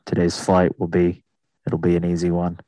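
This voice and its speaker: A man imitating a calm airline captain making a slow, soothing cabin announcement. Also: deep voice, dry recording, voice pushed down, lightly acted. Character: smooth, calm male airline captain on the intercom.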